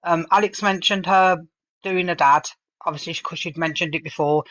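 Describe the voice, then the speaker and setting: A woman's voice: on the low side, fairly even intonation, moderate pace, fairly bright tone, no echo, dull audio. A woman calling into a live stream, talking bluntly and accusingly with swearing. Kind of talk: heated live stream argument.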